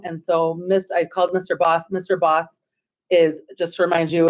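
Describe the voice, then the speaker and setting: A woman school administrator telling the school board a story in a chatty, excitable way, filling her talk with "like". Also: fairly low pitch. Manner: chatty and excitable, heavy use of "like". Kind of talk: storytelling report at a board meeting. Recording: dull, muffled meeting audio.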